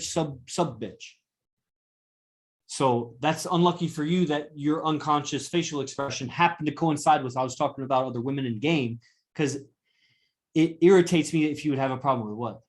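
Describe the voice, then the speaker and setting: A man's voice: on the high side, fairly quick. A man giving a live classroom lecture, confrontational and profane as he berates a student.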